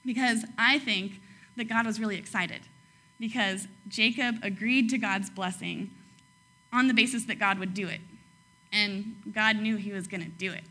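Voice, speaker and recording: A young woman preaching a casual sermon, chatty and quick to laugh, tagging her points with "right?" and "like". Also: medium pitch, fairly even intonation, sharp tone.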